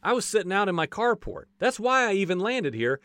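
A man preaching a casual, animated sermon, acting out voices from the stories and joking as he goes. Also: sits high, fairly quick, smooth, no room sound, clean studio sound. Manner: folksy, says "y'all" and jokes.

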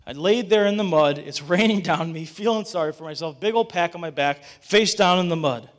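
A man's voice: high voice, fairly quick. A young adult man, a pastor, preaching a sermon, telling a story and rising to urgent calls to get up.

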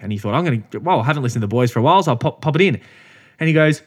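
A young adult man with an Australian accent co-hosting a casual chat, an animated storyteller who laughs often and acts out what others said. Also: mid-range voice, rapid-fire. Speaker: podcast co-host.

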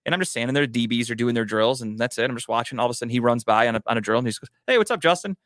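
Man sports podcaster: rapid, profane, dry close mic. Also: mid-range voice, level tone, a bit bright, no echo. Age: adult, grown older. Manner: profane, fast storytelling. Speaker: podcast host, sports fan. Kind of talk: casual sports chat.

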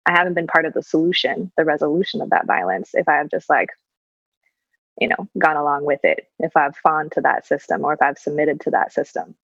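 Woman, low voice, gravelly fry, relaxed and reflective, lots of fillers, dull lo-fi sound. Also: brisk, dry recording. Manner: relaxed, thoughtful, with frequent fillers and casual swearing. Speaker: clinical social worker guest. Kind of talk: casual reflective conversation.

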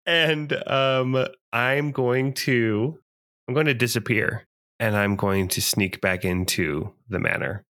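A man's voice: mid-range voice, slow, fairly bright tone. A man playing in a tabletop game, hesitant, thinking aloud as he plans. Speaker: player. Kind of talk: casual tabletop play.

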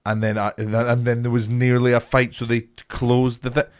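A young man on a casual podcast, telling a story with lots of swearing. His voice sits at a middling pitch, and he jumps into other people's voices when he quotes them. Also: fairly quick. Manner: animated storyteller, swears freely, acts out quotes. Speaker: podcast co-host, comedian. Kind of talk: casual chat.

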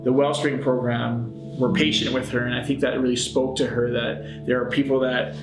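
A man, a shelter program manager, speaking in a measured, hesitant way in a documentary interview. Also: medium pitch, flat delivery. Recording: roomy with guitar music over it.

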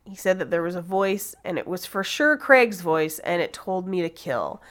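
A woman's voice: lowish voice, lively intonation, moderate pace, fairly bright tone. A woman podcast host telling a true-crime story in a casual, chatty way, laughing and swearing now and then.

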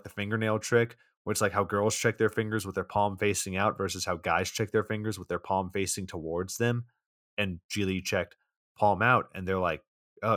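A young man with a fairly low voice and a sardonic, deadpan way of recapping a bad movie. The sound is dry and close, with no room around it. He talks casually and mocks the film as he goes. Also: no room sound. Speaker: podcast co-host.

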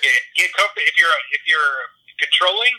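Guy with a super bright voice, lively storytelling, kinda phone-y sound. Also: a little high, moderate pace, rough recording. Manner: animated, acts out quoted voices. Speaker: brewery staff guest. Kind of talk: casual storytelling.

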